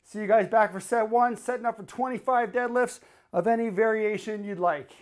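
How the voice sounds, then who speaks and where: A man leads a workout as a fitness coach, giving short form cues and counting reps out loud. He does the exercises himself as he talks, and he gets out of breath during the sets. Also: high-pitched, steady tone, fairly quick. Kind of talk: workout instruction while exercising.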